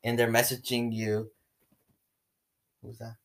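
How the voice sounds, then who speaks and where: A man's voice: mid-range voice, completely flat delivery, slow. Rambling teenage boy, casual chat. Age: teens. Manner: rambling, lots of fillers and laughs. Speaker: podcast host.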